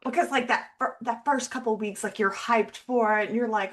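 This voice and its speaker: A woman's voice: medium pitch, fairly quick, few pauses, a bit bright. Woman, podcast co-host, wry joking tone, casual chat.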